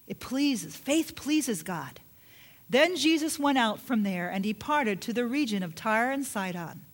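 A middle-aged woman preaching with a fairly high voice. She drives her points home by repeating phrases and putting questions straight to the congregation. Her delivery is emphatic and earnest. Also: a bit bright. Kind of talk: sermon.

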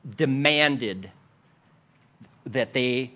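Pastor, male, animated storyteller from the pulpit, acts out quotes and laughs. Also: mid-range voice, very slow. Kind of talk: storytelling sermon.

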